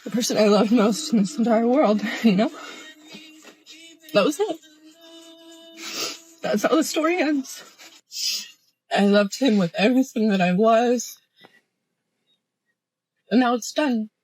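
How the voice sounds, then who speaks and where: A woman in a tearful, halting, emotional confessional vlog. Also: a little high, animated, darkish tone, soft background music, rough recording. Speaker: social media poster.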